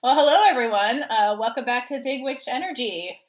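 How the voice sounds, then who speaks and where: A woman co-hosting a podcast in casual chat, chatty and quick to laugh. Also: fairly high pitch, roomy sound. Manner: giggly, chatty. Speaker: podcast co-host.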